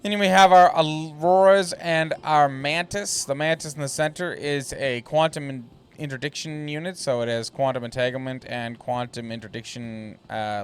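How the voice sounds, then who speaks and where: A man streaming a space game, chatting casually and reading ship descriptions aloud in a relaxed, slightly halting way. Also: mid-range voice, smooth.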